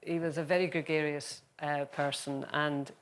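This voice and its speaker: A middle-aged woman presenting a talk show, speaking gently and reflectively. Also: low-pitched, flat delivery, moderate pace. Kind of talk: casual chat.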